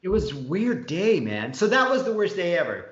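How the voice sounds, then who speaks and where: A man's voice: high-pitched, normal speed. A man telling a long story in casual podcast chat, rambling and swearing often. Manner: profane, rambling, animated storyteller. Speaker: podcast co-host. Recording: roomy, dull lo-fi sound.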